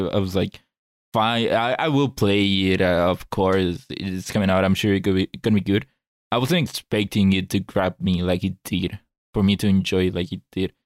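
A man's voice: lowish voice, a little mellow, dry recording, studio quality. A man co-hosting a video game podcast, talking in an earnest, reflective way and often restarting his phrases. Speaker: podcast co-host. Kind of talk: casual chat.

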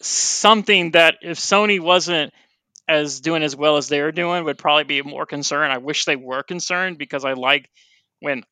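A man co-hosting a casual gaming podcast, chatty and relaxed with plenty of filler words. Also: on the high side, normal speed, clean tone, no echo. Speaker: podcast host.

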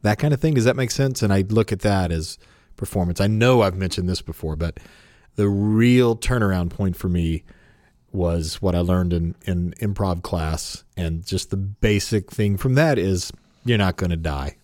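A man's voice: sits low, normal speed, a little mellow, no room sound, studio quality. A man co-hosting a casual chat, reflective and self-deprecating, laughing often. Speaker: podcast co-host.

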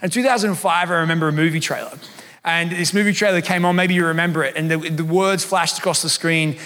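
A man's voice: fairly high pitch, steady tone, fast, pushed and bright. A man, preaching a sermon in a conversational, self-deprecating storytelling way. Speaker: pastor. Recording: long hall reverb.

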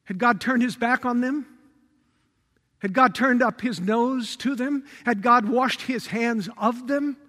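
A man preaches a sermon in a strikingly high and bright voice. He leans on repeated rhetorical questions, rising to force and then falling to a hush. The sound carries the long reverb of a large hall. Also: a little slow. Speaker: pastor.

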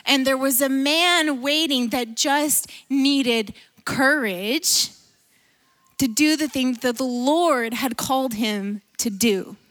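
A woman preacher giving a sermon in church, retelling a story with animated energy and frequent laughter. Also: sits high, slow pace.

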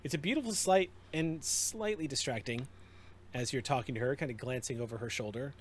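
A man serving as game master for a tabletop game narrates scenes unhurriedly and descriptively, with small restarts. His voice is mid-range, with slight background noise.

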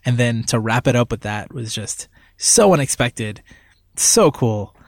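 Excitable male podcast host. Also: mid-range voice, unhurried, no room sound, studio quality. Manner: excitable, gushing. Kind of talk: casual podcast chat.

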